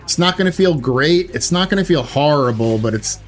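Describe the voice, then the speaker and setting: A man's voice: on the high side, animated, normal speed, soft background music. Chatty man commentating gameplay. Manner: chatty, self-correcting, loose filler words. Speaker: gaming YouTuber.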